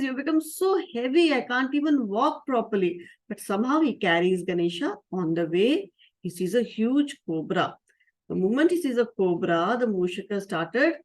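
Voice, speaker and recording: Woman teacher telling kids a story, lively, asks them questions, higher voice. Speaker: spiritual teacher.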